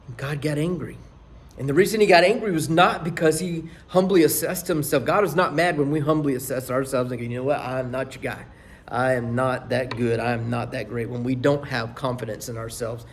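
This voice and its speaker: A male pastor delivering a sermon, reading scripture with rising force and dropping to near whispers for emphasis. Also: medium pitch. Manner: emphatic preaching that rises for scripture quotes and drops to near whispers.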